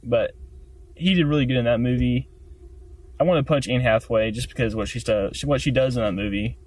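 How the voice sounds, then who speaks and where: A man's voice: mid-range voice, a little fast, darkish tone, no echo. A young man guesting on a podcast, rambling goofily and laughing in a parked car. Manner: goofy, rambling, laughs often. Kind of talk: casual chat.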